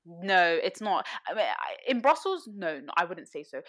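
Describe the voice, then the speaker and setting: A woman's voice: lowish voice, moderate pace. A young woman, a podcast guest telling stories in casual chat, full of fillers and laughter. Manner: animated storyteller, lots of fillers and laughter.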